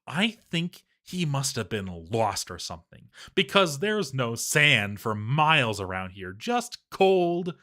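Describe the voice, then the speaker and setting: A man's voice: medium pitch, big pitch swings, slow pace, few pauses, pushed and bright, exaggerated voice. A man voicing a relentlessly cheerful, silly male dwarf writing in his diary, chirpy and fond of puns. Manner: chirpy, punning, prim.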